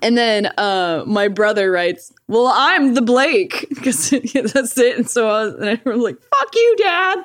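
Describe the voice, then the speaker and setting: A woman's voice: on the high side, measured pace, few pauses. A woman chatting casually, telling a story, swearing freely, laughing often and acting out the lines she quotes. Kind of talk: casual chat.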